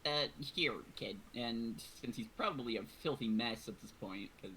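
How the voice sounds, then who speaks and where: A player in a casual tabletop game, chatty and quick to laugh. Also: mid-range voice, sharp tone, a little hiss or hum, low-quality recording.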